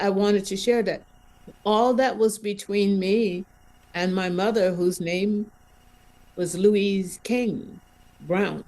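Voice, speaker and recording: A woman sharing a spiritual experience in a gentle, hesitant way, often repeating words. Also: mid-range voice. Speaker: wisdom circle participant.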